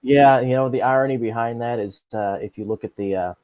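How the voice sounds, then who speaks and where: A man chatting casually as co-host, halting and restarting as he talks. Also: mid-range voice, dull audio, a little hiss or hum. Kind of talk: casual chat.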